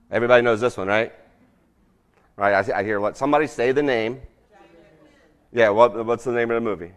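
A man's voice: fairly low pitch, smooth. A middle-aged man giving a casual, interactive presentation to a church group, quizzing a live audience, with lots of ums and frequent "right?". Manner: chatty, drops in lots of ums and asks "right?".

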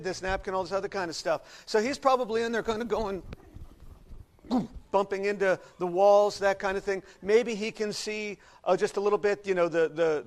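A man preaching a sermon, earnest and expressive, dropping to quiet reflection and rising to loud emphasis. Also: sits high, rough recording.

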